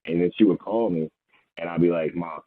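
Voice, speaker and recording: A man co-hosting a podcast, recalling family pushback in halting casual talk. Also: low-pitched, no room sound. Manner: halting, with many fillers, quoting his mother. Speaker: podcast co-host. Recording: tinny phone-like sound.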